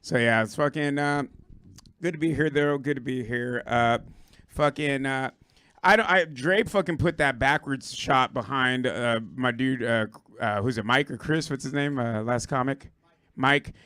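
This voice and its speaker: A hoarse Puerto Rican-born man doing a rambling, profane stand-up set on a club stage, riffing with the crowd. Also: medium pitch, measured pace, pushed and bright, no room sound. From Puerto Rico. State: hoarse, lost his voice. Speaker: stand-up comedian.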